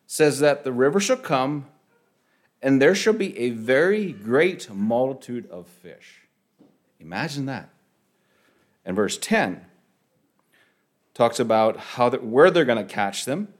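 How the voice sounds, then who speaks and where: A man preaching a sermon, halting and repeating words, rising sharply on key phrases. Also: medium pitch, sing-song.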